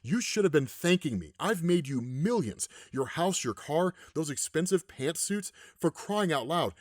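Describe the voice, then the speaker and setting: A scheming old boss who is condescending and dismissive, as a man reads his lines. The voice sits fairly high and moves around a lot. The recording is dry and close. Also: lively intonation, unhurried, a little mellow, no room sound.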